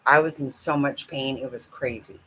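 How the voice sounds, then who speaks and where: A woman's voice: a bass voice, steady tone, normal speed, sharp tone, breathy edge, low-quality recording. A middle-aged woman talking bluntly and candidly with her viewers in a casual live-stream chat. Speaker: vlogger chatting with viewers.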